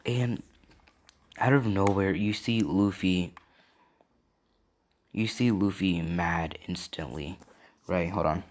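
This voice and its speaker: A man with a low voice tells an improvised fan story in a loose, casual way. He talks slowly and leans on fillers and tag questions as he goes. The delivery stays relaxed and meandering throughout. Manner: rambling, many "and yeah" and "right?" fillers.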